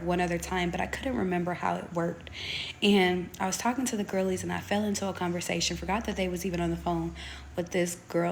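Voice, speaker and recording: A woman's voice: medium pitch, vocal fry, a little hiss or hum. A young woman, a tarot reader, talking casually on a live stream, rambling with lots of ums and the odd swear.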